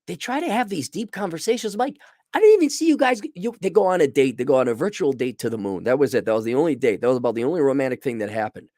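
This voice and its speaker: A man's voice: medium pitch, lively intonation, rapid-fire, hardly any pauses, a little mellow, no echo, studio quality. A middle-aged man hosting a casual livestream review, talking bluntly and rambling, often restarting his sentences. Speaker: show host reviewing a series.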